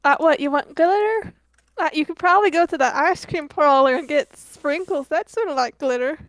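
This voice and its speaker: A woman narrating her character's actions in a tabletop game, hedging and meandering as she goes. Her voice is high-pitched. The mic is close and dry. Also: moderate pace, a bit bright, dry recording. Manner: rambling, hedging with "like".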